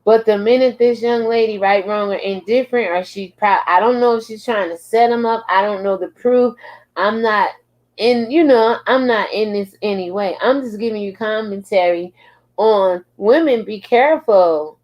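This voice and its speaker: A woman's voice: mid-range voice, lo-fi sound. A woman hosting a casual commentary show, reading posts aloud and reacting with frequent laughs. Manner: slow, drawling, laughs often. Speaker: commentary channel host.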